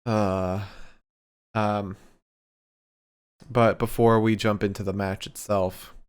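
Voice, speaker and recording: A man's voice: lowish voice, level tone, slow, clean tone. A man co-hosting a podcast, playful and self-mocking as he reads comic fan fiction aloud. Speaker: podcast co-host.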